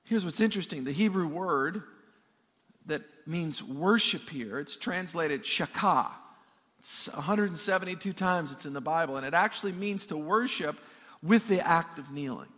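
A man's voice: a little high, moderate pace, fairly bright tone. A male pastor preaching a sermon, emphatic, often repeating words as he builds up and joking with the congregation. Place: church sanctuary. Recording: long reverb of a church hall.

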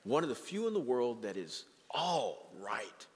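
A man preaching a sermon as pastor of his church, animated and acting out the voices of the people he quotes. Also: mid-range voice, unhurried, big-room sound. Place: church sanctuary.

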